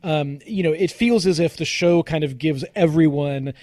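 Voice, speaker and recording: A man's voice: a little high, normal speed, a little mellow, dry recording. A man co-hosting a casual TV chat, earnest and enthusiastic, often restarting his sentences. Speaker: podcast co-host.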